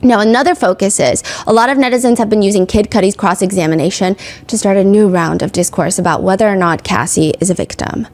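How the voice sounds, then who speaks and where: A woman hosting a podcast, giving casual commentary on a courtroom trial, chatty and animated, filling her talk with "like". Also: mid-range voice, quick pace, hardly any pauses. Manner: chatty, heavy use of "like"; animated, emphatic retelling. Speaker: podcast host. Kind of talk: casual true-crime commentary.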